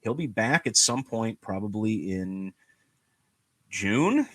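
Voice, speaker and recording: A man hosting a podcast, talking in an animated, ranting way and leaning on "you know" and "guess what". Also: lowish voice, slow pace, no room sound. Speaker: podcast host. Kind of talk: casual chat.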